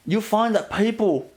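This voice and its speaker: A man giving a gentle inspirational talk as a spiritual teacher, often laughing softly and leaning on "you know" as he repeats himself. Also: high-pitched. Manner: repetitive, fills with "you know".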